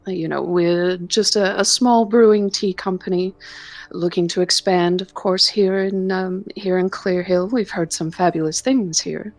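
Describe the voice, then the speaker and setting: A woman's voice: lowish voice, steady tone, a little slow. A woman playing a refined tea merchant. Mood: courteous. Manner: polite, formal, hesitant.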